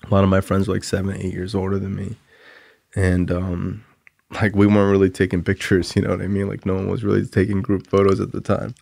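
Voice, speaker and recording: A man's voice: low voice, completely flat delivery, a little fast, gravelly, darkish tone, dry recording, clean studio sound. A young man in his twenties hosting a podcast, telling a long personal recovery story in a rambling, candid, self-critical way, full of "like" and "um" fillers. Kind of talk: casual storytelling monologue.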